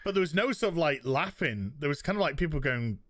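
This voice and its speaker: A podcast co-host with a fairly high voice tells a story fast and full of energy, swearing and restarting sentences as he goes. The casual chat sounds dry and close, with no echo.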